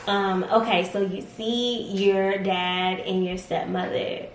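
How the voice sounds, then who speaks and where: A woman chatting casually with her partner on a vlog, curious and quick to laugh, prompting his story with questions. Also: medium pitch, fairly even intonation, slight background noise. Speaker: vlog co-host. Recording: roomy echo.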